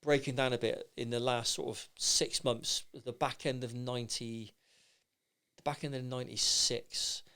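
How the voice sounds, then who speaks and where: A middle-aged man, a podcast guest, telling stories in a lively, rambling way with many restarts. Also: medium pitch, normal speed, clean tone. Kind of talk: anecdotal storytelling in casual chat.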